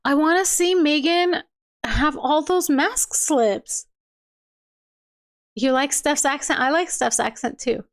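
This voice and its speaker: A woman's voice: high-pitched, takes it slowly, pauses often. A young woman hosting a livestream, reading out viewer comments in a chatty way and laughing often. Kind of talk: casual chat.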